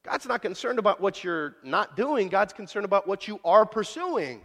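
Man, preacher, slightly high voice, swings between loud and hushed, casual storytelling, echoing hall. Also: normal speed. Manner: animated storytelling with sudden loud swells and quiet drops; casual, folksy delivery. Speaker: pastor. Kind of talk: sermon. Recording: long hall reverb.

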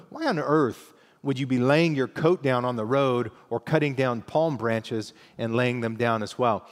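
A man's voice: medium pitch, moderate pace, long reverb tail. A man preaching a sermon as pastor, teaching in a conversational way and reading scripture aloud with emphasis.

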